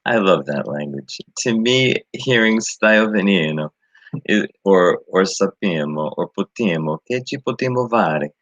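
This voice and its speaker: A middle-aged man giving an informal talk comparing languages, explaining slowly with fillers and repeated words. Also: deep voice, animated, a bit bright, no room sound, lo-fi sound. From grew up with Sicilian. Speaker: presenter.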